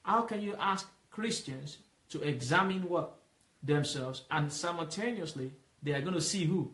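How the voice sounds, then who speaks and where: A man's voice: a little high, fairly bright tone. Man teaching scripture in a roomy space. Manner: asks questions and lets the listener fill in the answer; explains patiently, repeating points slowly. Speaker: Bible teacher. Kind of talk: Bible study teaching. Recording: roomy echo.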